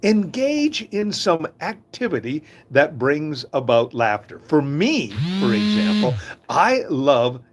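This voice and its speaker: A man's voice: on the high side, big pitch swings, takes it slowly, a little hiss or hum. An older man hosting a live talk in a casual, folksy, inspirational way, often chuckling at his own stories.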